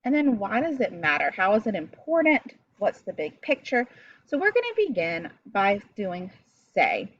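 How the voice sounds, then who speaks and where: Woman, teacher, recorded lesson, lively intonation, dull lo-fi sound, faint hiss. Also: mid-range voice, normal speed. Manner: explains step by step, talks to her pupils.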